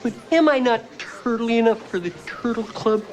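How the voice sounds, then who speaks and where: An actor playing a goofy, childlike man in a turtle costume, with a squeaky nasal voice and a sing-song way of repeating words, in a film scene with music behind. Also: moderate pace. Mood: silly, eager.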